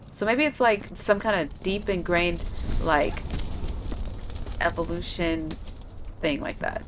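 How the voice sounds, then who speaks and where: A woman's voice: on the low side, measured pace, a little hiss or hum. Rambling, chatty woman gamer. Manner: rambling, chatty, lots of "like" fillers. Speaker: gaming streamer. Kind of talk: casual gameplay chat.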